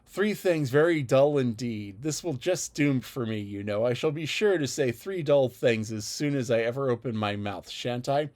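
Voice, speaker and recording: A man's voice: mid-range voice, expressive, moderate pace, few pauses, darkish tone, close to an everyday voice. A man voicing a chatty, fluttery middle-aged spinster woman, gushing and eager to please.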